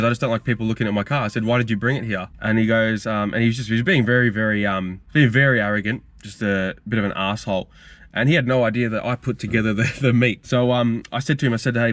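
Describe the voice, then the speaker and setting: A man's voice: lowish voice, a bit bright, dry recording. A young man, hosting a car channel and telling stories in a casual, rambling, frank Q&A vlog. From Australia. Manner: rambling, frank, storytelling with fillers.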